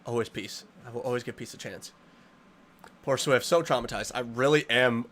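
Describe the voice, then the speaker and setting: A man live-streaming a game, chatting with his viewers in an animated, playfully dramatic way. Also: mid-range voice, normal speed. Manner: animated, playfully dramatic, reading and answering chat.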